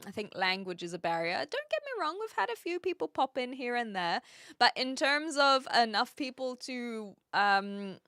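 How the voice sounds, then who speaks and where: Young woman streamer, chatty and giggly, reads chat aloud; lively delivery, dry close mic. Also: fairly high pitch, moderate pace, dry recording. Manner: chatty, laughs often, greets viewers by name. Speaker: livestream host. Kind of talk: casual livestream chat, reading viewer comments.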